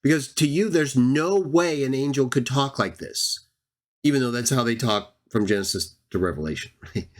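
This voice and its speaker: A man's voice: medium pitch, lively intonation. A man hosting a Bible channel, giving combative verse-by-verse scripture commentary, sarcastic and speaking straight at his opponents, stretching out the verses he reads for emphasis. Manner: drawn-out emphatic reading of verses. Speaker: Bible teacher and channel host.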